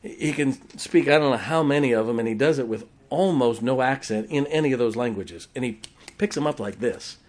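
Brief: male pastor, folksy joking sermon delivery, loud exclamations. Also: medium pitch, brisk.

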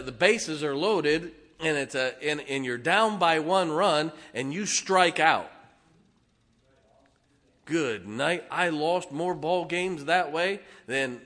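Folksy and emphatic, this man preaches with a drawl, his forceful voice sitting a bit above average pitch with a bright edge. He slips jokes in between the points of his sermon.

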